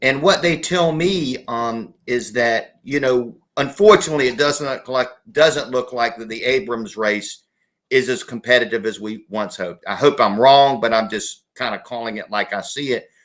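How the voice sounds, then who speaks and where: Man from South Carolina, middle-aged, political guest, folksy, restarts often, mid pitch. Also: normal speed, fairly bright tone. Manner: folksy, self-correcting, many restarts. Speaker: guest, former state legislator. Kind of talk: political interview.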